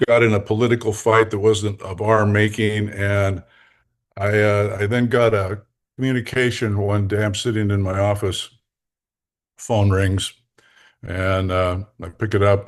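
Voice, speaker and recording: An older man telling lively, jokey stories as a guest coach in an interview, laughing between lines. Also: on the low side, measured pace. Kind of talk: anecdotal storytelling in a podcast interview.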